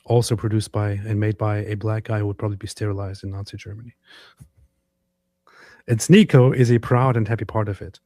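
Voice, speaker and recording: A man's voice: lowish voice, little pitch movement, a little fast, mellow, no echo, clean studio sound. A man co-hosting a casual reaction show, talking in an emphatic, sarcastic way. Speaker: co-host.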